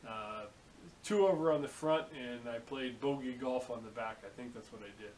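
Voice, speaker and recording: A medium-pitched, darkish voice at a moderate pace comes through poor audio with a little hiss or hum. The speaker is a male vlogger from the San Francisco Bay Area, USA, rambling casually in a vehicle, cursing, and telling chatty stories with quoted dialogue.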